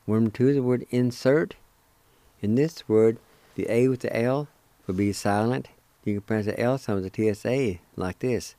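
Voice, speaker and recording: A man teaching a language lesson on the radio, spelling out and pronouncing words syllable by syllable in a slow, deliberate way. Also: medium pitch, mellow, dry recording.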